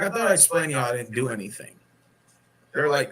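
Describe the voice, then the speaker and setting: A man's voice: mid-range voice, lively intonation, fast, pushed and bright, poor audio. A man casually telling a rambling, profane story about getting thrown out of a bar. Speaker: guest in a clip being reacted to.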